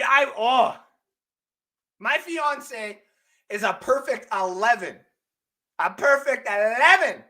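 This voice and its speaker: A young man hosting a live sports stream, ranting loudly and profanely and often shouting. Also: very high-pitched. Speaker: host.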